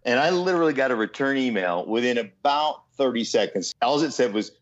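A man, a guest in an interview, telling an animated story with frequent "right?" asides and mimicked voices. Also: mid-range voice, a little fast. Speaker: guest, former football player and entrepreneur. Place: remote from home city. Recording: slightly muffled lo-fi audio.

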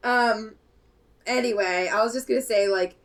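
A woman's voice: on the high side, normal speed. A woman co-hosting a podcast over a video call, chatting in a rambling, candid way and laughing often. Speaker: podcast co-host. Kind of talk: casual chat.

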